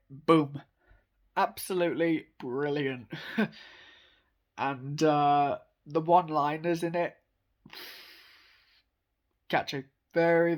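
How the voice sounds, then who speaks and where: A young man speaks in a fairly high voice at an unhurried pace. He rambles in a casual monologue, with plenty of ums and uhs and small laughs. His tone is eager and enthusiastic.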